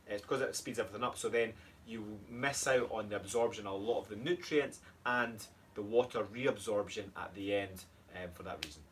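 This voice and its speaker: A man's voice: fairly low pitch, a little fast, a bit bright. Easygoing Scottish man explaining. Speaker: co-host, fitness coach. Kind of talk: casual chat. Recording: distant mic, faint room noise.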